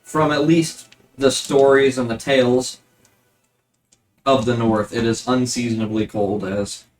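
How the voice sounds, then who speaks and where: A man running a tabletop game as game master, narrating in a relaxed, rambling way with many fillers. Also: medium pitch, measured pace, soft background music.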